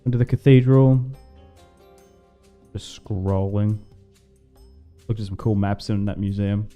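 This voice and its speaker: A man's voice: fairly low pitch, fairly even intonation, measured pace, warm tone, soft background music. A man livestreaming a strategy game, chatting in a rambling way and laughing often. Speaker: gaming livestreamer. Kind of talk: casual chat while streaming a strategy game.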